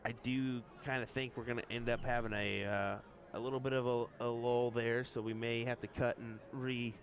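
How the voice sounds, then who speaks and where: A man doing live darts commentary with relaxed, easygoing banter. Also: mid-range voice, normal speed.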